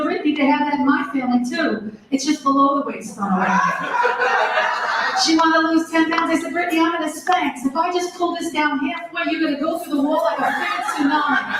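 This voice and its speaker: A woman in her fifties performing a stand-up comedy set with brash, self-mocking punchlines. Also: high-pitched. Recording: echoey club from far off with loud noise.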